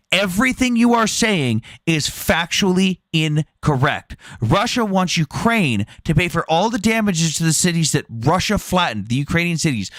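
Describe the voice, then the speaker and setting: High-voiced man arguing hard and fast. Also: no room sound, studio quality. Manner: forceful, profane, rapid-fire arguing. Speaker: debate host. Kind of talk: heated live debate.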